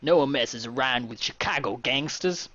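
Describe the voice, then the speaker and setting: A man doing a slow-talking thug. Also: mid-range voice, pushed and bright, no room sound, muffled recording. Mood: menacing. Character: gruff male Chicago gangster, bullying.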